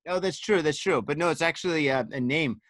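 Here the podcast host's voice sits a little high, moves a little fast, and sounds fairly bright, with no room sound. Tipsy from wine, he chats casually, swearing through rambling stories and leaning heavily on "dude" and "man."

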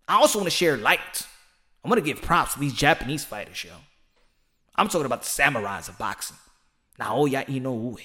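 A man's voice: on the high side, bright, forceful tone. A man hosting his own podcast, talking in a passionate, rambling way with casual slang and many repeats. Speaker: podcast host. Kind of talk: solo podcast commentary.

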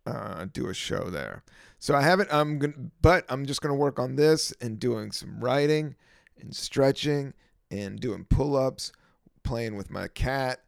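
Gravelly, creaky-voiced man rambling. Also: medium pitch, measured pace, no room sound, studio quality. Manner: relaxed, meandering, lots of fillers. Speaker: podcast host and stand-up comedian. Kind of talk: casual rambling monologue.

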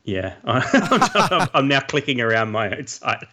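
A man's voice: mid-range voice, very animated, unhurried, sharp tone. A man co-hosting a podcast, talking hesitantly with frequent restarts. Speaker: podcast co-host. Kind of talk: casual chat. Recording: dull lo-fi sound.

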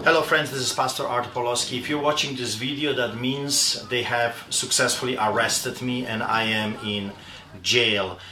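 A man's voice: mid-range voice, fairly even intonation, normal speed, reverberant, background noise. A man, a pastor, making an urgent, pleading recorded appeal for help.

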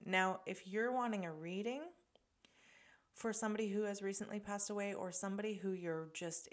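A woman hosting a podcast, talking in a chatty, earnest way with soft laughs and restarts. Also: mid-range voice, normal speed. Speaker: podcast host and medium. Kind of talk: casual podcast monologue.

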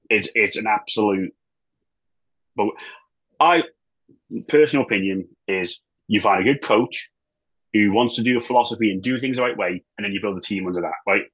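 A man, a former footballer and manager, chatting as a podcast guest in an animated, rambling way, full of restarts and the odd swear. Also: lowish voice, rough recording. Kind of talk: casual chat.

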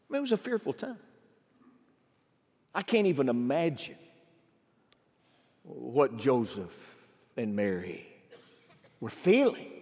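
A middle-aged male pastor preaching a sermon, swinging from emphatic calls to quiet, low asides. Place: large church sanctuary. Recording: long hall reverb.

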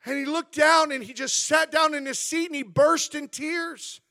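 A man's voice: extremely high pitch, steady tone, moderate pace, sharp tone. A male pastor preaching a sermon in church, telling stories in an earnest way.

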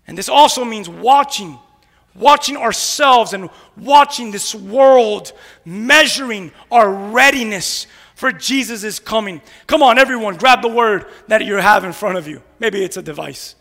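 A man preaching a lively sermon as pastor, repeatedly throwing rhetorical "what?" questions to the congregation and mocking grumblers in mumbled asides. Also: sits high, measured pace, in a large hall. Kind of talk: energetic sermon. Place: church sanctuary.

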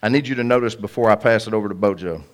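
A man's voice: lowish voice, racing. A man preaching a conversational, jokey sermon to a congregation.

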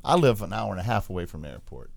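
Gravelly guy hosting a podcast, dry close mic, animated storyteller. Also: low-pitched, racing, no room sound. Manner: animated storyteller, acts out quotes. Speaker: podcast host. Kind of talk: casual storytelling chat.

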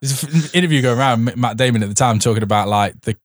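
A man's voice: mid-range voice, fast, no room sound, clean studio sound. A man co-hosting a podcast, trading film puns in a casual, laughing chat. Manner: joking, pun-making, laughs often. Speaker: podcast co-host.

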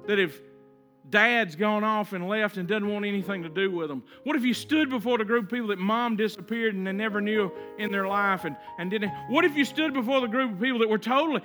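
High bright-voiced preacher, hushed to emphatic. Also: male voice. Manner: repetitive, rhythmic lists of phrases. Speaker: pastor. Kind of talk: sermon.

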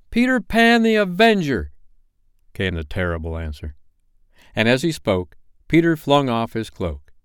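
A man reading a classic novel aloud as a bedtime story, in an expressive, lively way. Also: fairly low pitch, clear, resonant tone, no echo, clean studio sound. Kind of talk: audiobook narration.

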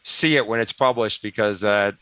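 A man's voice: fairly low pitch, normal speed, a bit bright, smooth, no echo. A man from Boston on a podcast as a guest doctor, upbeat and effusive in casual chat.

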